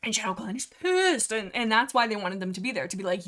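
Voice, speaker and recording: A woman's voice: a little high, animated, fast, hardly any pauses, a bit bright. A woman hosting a casual book discussion livestream, rambling in a playful, sarcastic way from her desk mic. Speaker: livestream host.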